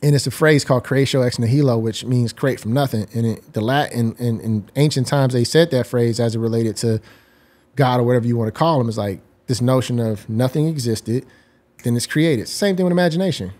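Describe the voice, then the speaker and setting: Guest, man, 40s, articulate and reflective, mid-pitched voice. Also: fairly quick, a little mellow. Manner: articulate, explains ideas at length. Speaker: guest designer. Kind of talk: reflective interview talk.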